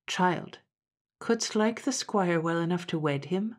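A woman's voice: lowish voice, slow. A woman doing a solemn old country grandfather. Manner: old rustic speech, solemn. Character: poor old country grandfather, grave and worried.

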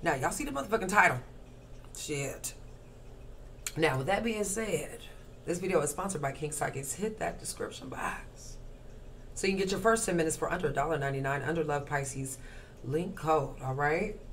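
A tarot reader with a low, fairly bright voice talks at a normal speed over a slight hiss or hum. She gives a casual reading to camera, brash, profane and full of slang, rattling off rhythmic lists while she smokes and crunches ice.

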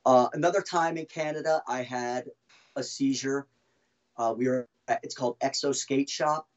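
A man telling his own story as a podcast guest, halting and restarting often as he talks. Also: mid-range voice, steady tone, muffled recording. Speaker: guest, former band drummer. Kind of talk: casual podcast interview storytelling.

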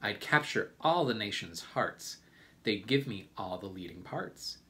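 A man's voice: fairly low pitch, big pitch swings, a little slow, sharp tone, heavily acted. A man reading a storybook aloud, voicing a vain, bossy old aunt who admires herself pompously.

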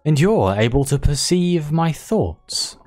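A game player voicing a gentle, motherly giant female creature queen from a video game, reading her lines with a cooing, doting manner. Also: medium pitch, big pitch swings, takes it slowly, faint music behind. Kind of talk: reading game dialogue aloud.

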